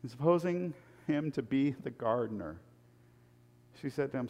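A man preaching a sermon in a lively, conversational way. He swings between loud, emphatic peaks and hushed, low asides, and often repeats words. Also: moderate pace, long pauses, highs cut off. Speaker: pastor. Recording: long hall reverb.

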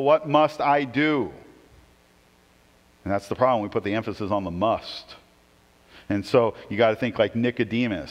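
Preaching man in a reverberant hall. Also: mid-range voice. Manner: animated preaching, rising emphasis and repeated rhetorical "right?". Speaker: pastor. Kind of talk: sermon.

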